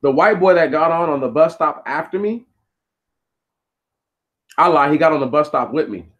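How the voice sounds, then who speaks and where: Male streamer, blunt and profane storyteller, slightly higher voice. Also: animated, normal speed, fairly bright tone, highs cut off. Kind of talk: casual storytelling monologue.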